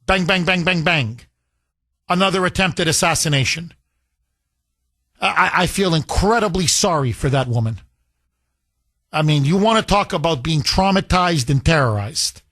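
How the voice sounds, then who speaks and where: A male talk radio host with a fairly high voice talks indignantly, his pitch climbing as he gets worked up. He sounds animated and pointed, with a clean studio sound. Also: moderate pace, long pauses. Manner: animated, indignant, repeats phone number.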